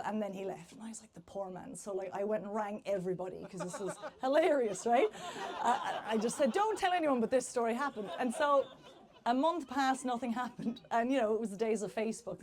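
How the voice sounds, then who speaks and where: A young woman with an Irish accent tells a funny personal story to a live audience. Her voice sits a little high, and she talks in a chatty, self-mocking way, often breaking into laughter. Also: a little fast, a little mellow, a faint crowd. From Ireland.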